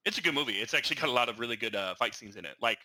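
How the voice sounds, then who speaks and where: A young man co-hosting a laid-back podcast races through rambling stories in a mid-range voice. He stammers and restarts repeatedly while retelling things animatedly, and the audio quality is poor.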